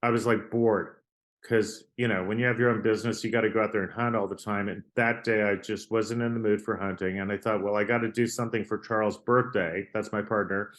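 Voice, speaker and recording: A man's voice: fairly low pitch, steady tone, brisk, fairly bright tone. A man, an artist guest on an interview podcast, telling stories in a chatty, rambling way, often checking in with "right?". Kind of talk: casual storytelling interview.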